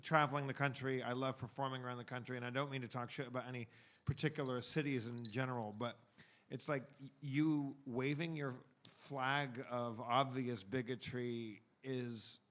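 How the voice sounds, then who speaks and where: A man, a touring comedian, chatting on a podcast with many halting restarts and emphatic bursts. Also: mid-range voice, steady tone, fairly bright tone. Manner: halting, repetitive starts, emphatic. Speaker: comedian guest. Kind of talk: casual podcast chat.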